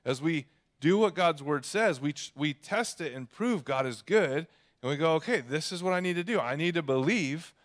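A man preaching a sermon as a pastor, retelling a story in an animated way. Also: fairly high pitch, moderate pace.

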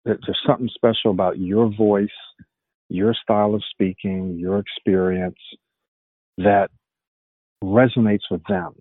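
Measured male guest, lowish husky voice, thin call-line audio. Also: fairly even intonation, no room sound. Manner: slow, deliberate speaking. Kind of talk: casual conversation. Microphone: video call. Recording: tinny call audio, dry.

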